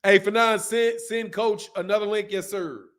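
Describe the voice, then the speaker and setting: A man's voice: high-pitched, fairly even intonation, normal speed, fairly bright tone. A middle-aged man hosting a casual live stream, talking loosely in slang and reading viewer questions aloud. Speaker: host of a boxing channel live stream.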